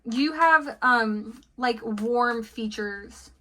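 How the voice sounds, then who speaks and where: A woman's voice: a little high, very slow, bright, forceful tone. A woman giving a casual tarot reading, chatty and giggly, full of fillers and friendly asides. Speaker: tarot card reader.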